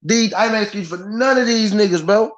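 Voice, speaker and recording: A man rants on a boxing talk stream, swearing freely and hammering the same point again and again. His voice sits a little high, and the live-stream audio comes through dull and lo-fi. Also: fast. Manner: animated, profane, repeats himself for emphasis. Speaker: boxing podcast host. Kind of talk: heated live-stream rant. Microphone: live-stream mic.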